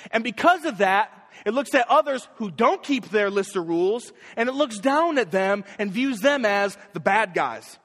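A young man with a high voice preaches a sermon, pushing his pitch up sharply on each key point. His emphatic delivery rings out through a church hall with a long, trailing reverb. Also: expressive, normal speed, few pauses, fairly bright tone. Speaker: young adults pastor.

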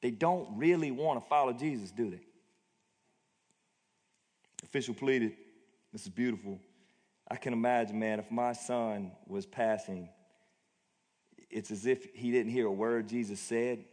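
Pastor preaching in a reverberant church hall. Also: male voice, mid-range voice, unhurried, pauses often, darkish tone. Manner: conversational, plainspoken preaching. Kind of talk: sermon. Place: church auditorium.

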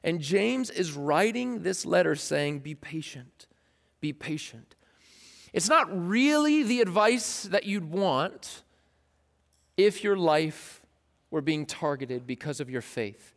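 A pastor giving a casual, joking sermon in a conversational way. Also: male voice, high voice, expressive, takes it slowly, vocal fry.

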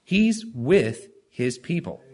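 A man's voice: a little high, sing-song, slow pace, darkish tone, breathy edge. A man preaching a sermon, reading scripture and asking the congregation rhetorical questions with strong emphasis.

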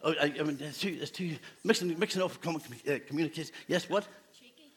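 Preacher guy doing a kids talk, playful, high voice. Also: a little fast, a bit bright, slightly rough. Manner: playful, asks children questions, laughs often. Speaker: pastor. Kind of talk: children's talk in a church service.

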